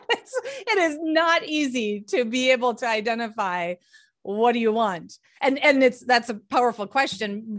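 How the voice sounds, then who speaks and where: Animated woman coach, fairly high voice, interview guest. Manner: animated, acts out clients' voices and questions. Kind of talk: interview conversation.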